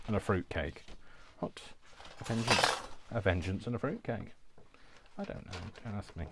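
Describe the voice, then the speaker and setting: A man's voice: on the low side, lively intonation, moderate pace, fairly bright tone, slight background noise. A man vlogging while he does crafts, talking to himself by name in a giggly, rambling way. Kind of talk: casual talk while crafting.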